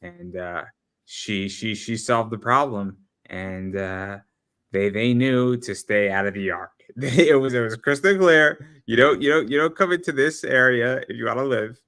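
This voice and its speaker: A man guesting on a casual podcast, talking in an easygoing, halting way. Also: mid-range voice, a bit bright, clear, resonant tone. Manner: halting, easygoing, restarts sentences. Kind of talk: casual chat.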